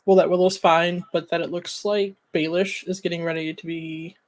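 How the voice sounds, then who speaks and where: A woman describing her character's actions during a tabletop role-playing game, in quick, casual speech. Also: on the low side, steady tone, darkish tone, poor audio. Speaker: player.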